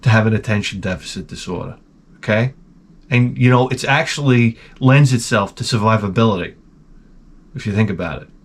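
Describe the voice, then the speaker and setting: A man's voice: on the low side, a little fast. Forties male host, crude rambling storyteller, self-mocking, casual monologue delivery. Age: 40s. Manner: crude, rambling, self-mocking, jumps into loud animated retellings.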